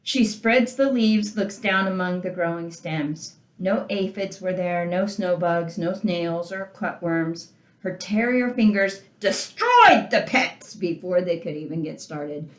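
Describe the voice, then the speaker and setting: A woman's voice: lowish voice, takes it slowly, reverberant. A woman teacher reading a short story aloud and discussing it, often asking her listeners questions. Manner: animated, talks to listeners with questions, reads passages aloud. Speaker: literature teacher.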